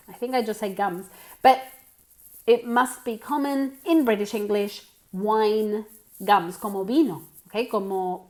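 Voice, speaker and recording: A woman's voice: medium pitch, darkish tone. An Australian woman teaching English to Spanish speakers in an online lesson, explaining vocabulary patiently, often checking in with "okay?" and switching into Spanish.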